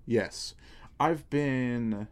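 A man's voice: medium pitch, extremely slow, a crowd in the background. A man hosting a podcast in casual chat, swearing a lot and laughing often. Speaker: podcast host.

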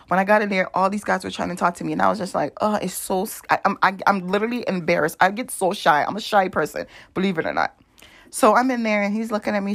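A young woman talking straight to her viewers in a loose, rambling vlog story. She is chatty and animated, with plenty of asides and laughs. Her voice sits in a middle range and has a gravelly, fried texture. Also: mid-range voice. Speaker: vlogger. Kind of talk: casual storytelling.

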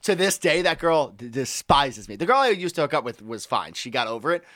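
A man's voice: medium pitch, brisk, no room sound, studio quality. A man in his twenties telling a funny story in casual chat, laughing often and imitating voices. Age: 20s. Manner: animated, laughs through stories, mimics voices.

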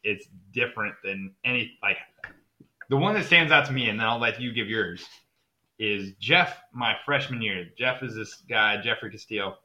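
A man's voice: lowish voice, moderate pace, pushed and bright. A young man hosting a casual podcast chat, laughing often and mimicking friends' voices. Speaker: podcast host.

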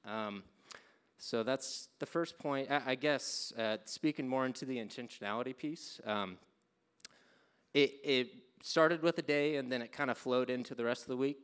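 A young man speaks in a measured, reflective way as he shares a church testimony, with a few fillers. His voice is low-pitched, smooth and resonant. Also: fairly bright tone. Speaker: church member sharing testimony.

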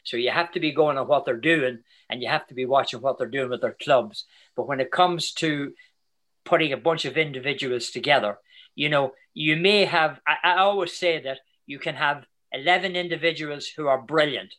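Older man, Irish accent, forceful bright voice, chatty interview guest. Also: a little high. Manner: chatty storyteller, animated, quick asides. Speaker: guest soccer commentator. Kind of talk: casual interview chat.

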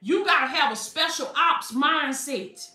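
A woman preacher, delivering an animated sermon, calling listeners baby and laughing often. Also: high-pitched, a little slow, distant mic. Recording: echoey, from off the mic, faint music.

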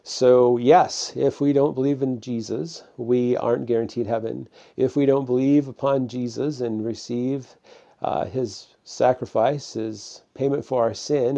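A man preaches to a camera in a loose, conversational sermon, pausing on fillers as he goes. His voice is gravelly and mellow. The recording sounds dull and lo-fi. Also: mid-range voice. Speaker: pastor.

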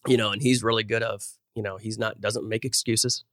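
Speaking a little fast in a fairly low, flat, slightly bright voice, a middle-aged man shares personal stories as a podcast guest. He owns a business and tends to ramble earnestly, frequently starting sentences over, in a relaxed interview. The audio is clean studio sound without echo.

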